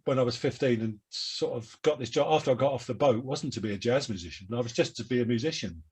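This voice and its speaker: A man in his seventies with a London Cockney accent, a guest telling rambling, self-deprecating stories in a relaxed interview over a video call. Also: mid-range voice, fast, slightly rough. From London, England. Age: 70s. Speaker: guest musician. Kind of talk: reflective interview chat.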